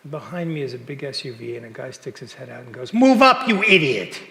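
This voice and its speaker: A man minister telling a personal story in a sermon, in a relaxed, halting way with frequent restarts, in a church. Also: medium pitch, vocal fry, a little hiss or hum. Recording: long hall reverb, faint ambience.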